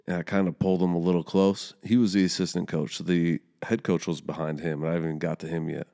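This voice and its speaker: A man's voice: low voice, flat delivery, fast talker, mellow. A young man casually telling a heated, profane story about coaching youth soccer.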